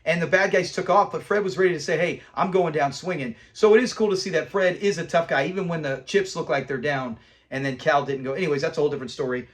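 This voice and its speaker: A man hosting a casual episode review, animated and acting out lines from scenes. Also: a little high, fast talker. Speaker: show host reviewing episodes.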